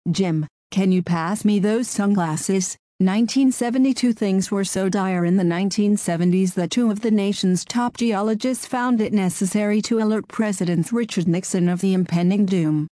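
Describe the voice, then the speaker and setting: A woman's voice: mid-range voice, a little fast, hardly any pauses, mellow, no echo. Woman reading a scripted commentary, sarcastic and mocking, dry close sound. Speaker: narrator. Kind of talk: scripted political commentary narration.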